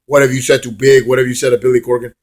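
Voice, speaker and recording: A man's voice: medium pitch, level tone, very fast. A man casually reviewing a wrestling show in a rambling, swear-laced manner, drifting into hummed song bits.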